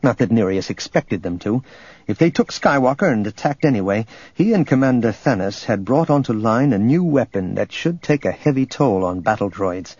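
A man narrating a novel in a steady, even storytelling manner, recorded as a dull lo-fi audiobook. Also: medium pitch, normal speed, husky, dry recording. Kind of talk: scripted narration.

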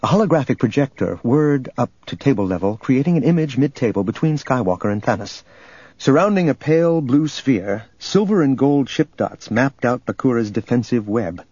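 A man narrating a novel in a steady, even storytelling manner, recorded as a dull lo-fi audiobook. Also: medium pitch, normal speed, husky, no room sound. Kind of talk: scripted narration.

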